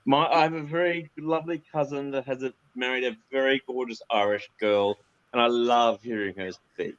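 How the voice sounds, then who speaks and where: A man's voice: mid-range voice, moderate pace. Rambling man on a muffled call. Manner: rambling, playful, trails off. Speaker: guest. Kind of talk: casual chat on a video call. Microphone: video call.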